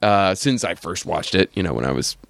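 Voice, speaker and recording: Lively, animated podcast host man. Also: sits low, brisk, creaky, no echo, clean studio sound. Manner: animated, laughing often, many fillers. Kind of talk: casual chat.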